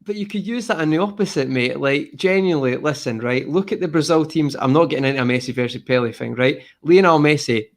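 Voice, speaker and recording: A man hosting a casual football podcast, animated and emphatic, calling everyone mate. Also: a little high, quick pace, few pauses. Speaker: podcast host.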